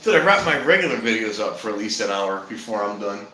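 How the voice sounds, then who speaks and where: A man's voice: on the low side, sing-song, quick pace, pushed and bright. A man hosting a casual live stream from a handheld phone, out in the cold at night and later inside an elevator, joking and rambling about wrapping up. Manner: rambling, joking, keeps promising to wrap up. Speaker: livestream host. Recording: roomy echo and clear background noise.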